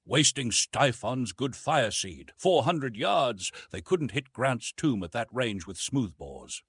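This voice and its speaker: A male audiobook narrator drives a science fiction story forward with animated energy, his slightly husky voice jumping in pitch with lively rises as the action builds. He speaks slowly, and the recording is close and dry with almost no room sound.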